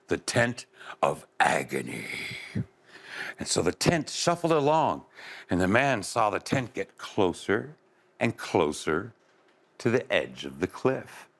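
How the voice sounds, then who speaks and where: Gravelly, lively male storyteller. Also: medium pitch. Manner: expressive, sound effects and asides to listeners. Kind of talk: oral storytelling for children. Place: live event space.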